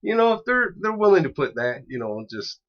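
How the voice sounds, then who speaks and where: A man's voice: high-pitched, sing-song, fairly quick, lo-fi sound. A man co-hosting a podcast in casual chat, rambling with many fillers and restarts. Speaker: podcast co-host.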